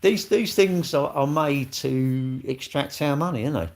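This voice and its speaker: With a medium pitch and measured pace, a male livestream host chats casually through viewer comments. He comes across blunt and rambling, restarting frequently and laughing often.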